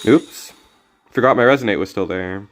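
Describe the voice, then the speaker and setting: A young man with a lowish voice keeps a moderate pace as he streams a card game over faint music. His gameplay talk is casual and laid-back, full of jokes and frequently mumbled asides.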